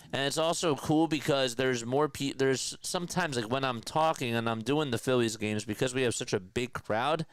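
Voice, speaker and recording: A man hosting a casual live play-by-play stream, chatting with viewers and answering their comments between pitch calls. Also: fairly bright tone, clear, resonant tone, no room sound, studio quality. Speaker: livestream play-by-play host.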